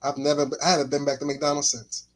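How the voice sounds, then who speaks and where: A man's voice: fairly high pitch, level tone, fast, rough recording. A man co-hosting a podcast, telling a story in a casual chat, acting out the voices of the people in it and laughing often. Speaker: podcast co-host.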